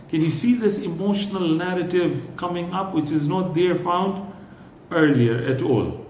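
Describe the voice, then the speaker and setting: A man's voice: on the high side, expressive, normal speed, darkish tone. Man lecturing in a roomy echo. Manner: explanatory, often checks in with listeners. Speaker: religious lecturer. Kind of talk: religious lecture. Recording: roomy echo with faint noise.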